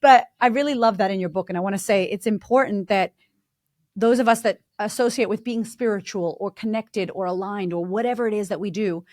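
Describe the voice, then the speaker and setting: A woman's voice: medium pitch, fairly quick, a little mellow, no room sound, clean studio sound. A woman guest in a casual interview, a confidence coach who talks bluntly and emphatically, swearing freely.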